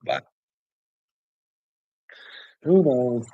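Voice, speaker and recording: A man's voice: medium pitch, animated, unhurried, pauses often, sharp tone, no echo, low-quality recording. A man hosting a casual livestream, crude and profane, laughing often as he teases the people in his chat. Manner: crude, profane, laughs a lot between remarks; teasing, talks back to viewers' comments. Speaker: livestream host.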